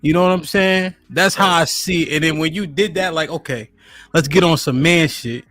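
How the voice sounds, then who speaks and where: A man's voice: a little high, normal speed, fairly bright tone, no echo, faint music behind. A man hosting a live-stream podcast, talking in a laid-back, slangy way. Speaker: host. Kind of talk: casual live-stream chat. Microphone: studio microphone.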